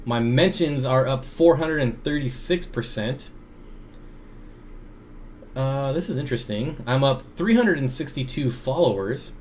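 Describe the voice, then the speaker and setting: A man's voice: medium pitch, lively intonation, a little slow, darkish tone, slight background noise. A man hosting a casual livestream Q&A from home, rambling with many fillers as he reads and answers chat at his computer through a desk microphone.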